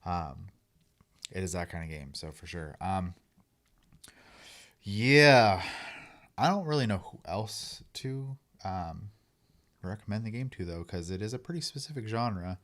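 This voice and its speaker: A man's voice: low-pitched, lively intonation, measured pace, pauses often, a bit bright. A man co-hosting a gaming podcast, talking casually and measuredly, thinking aloud as he goes. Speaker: podcast co-host. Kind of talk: casual chat.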